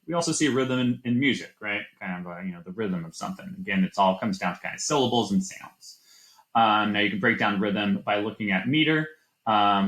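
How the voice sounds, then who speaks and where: A man's voice: on the low side, fairly bright tone. A man teaching a class, lecturing loosely with many fillers and restarts. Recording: echoey room.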